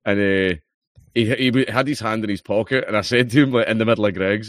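A man's voice: lowish voice, fast talker, no room sound, clean studio sound. A Scottish man in his thirties, chatting casually and telling swear-filled stories. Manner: swearing storyteller. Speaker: podcast guest. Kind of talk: casual chat.

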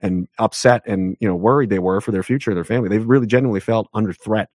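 A man talking as an interview guest, ranting emphatically, with his pitch jumping up sharply on the points he stresses. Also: quick pace, darkish tone, dry recording, studio quality. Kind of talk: heated conversational interview.

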